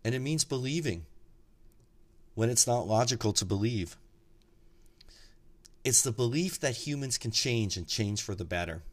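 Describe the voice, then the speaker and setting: A man giving an earnest, reflective podcast talk, measured and slowing down for emphasis as he tells stories. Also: medium pitch, animated. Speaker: podcast speaker.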